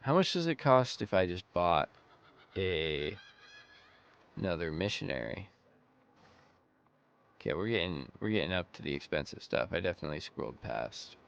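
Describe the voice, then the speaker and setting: A man's voice: low-pitched, very animated, normal speed, gravelly, long pauses, a bit bright, clear, resonant tone, lo-fi sound. A man giving casual let's-play commentary, rambling and thinking aloud as he plays. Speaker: gameplay commentator.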